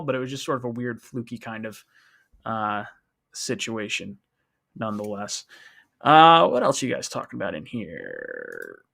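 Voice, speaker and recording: A man hosts a live fan stream in casual, rambling talk. His voice is bright and forward. He gets animated and restarts his sentences often. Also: medium pitch, gravelly. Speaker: host of a fan call-in stream.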